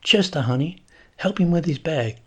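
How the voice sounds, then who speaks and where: A man's voice: on the high side, animated, normal speed, a bit bright, slightly rough, muffled recording, pitched above the performer's own voice. A man putting on a dramatic bubbly woman. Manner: exclaiming, theatrical.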